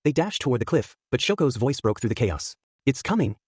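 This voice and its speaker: A man narrates a fan fiction story with dramatic, lively intonation. His voice is husky and the recording dry and close. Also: medium pitch, brisk, dry recording. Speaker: fanfic narrator.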